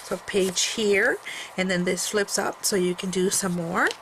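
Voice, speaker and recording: A woman chats about her handmade album in a loose, rambling way, full of fillers and restarts. Her voice sits at an everyday middle pitch. A faint room noise runs under the camera mic. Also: steady tone, unhurried. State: coughing from allergies. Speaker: crafter showing a handmade album. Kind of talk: casual show-and-tell.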